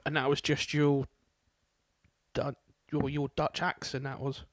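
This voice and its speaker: A man's voice: a little high, flat delivery, measured pace, no room sound. Chatty man analysing darts. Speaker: darts co-commentator. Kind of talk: live sports commentary.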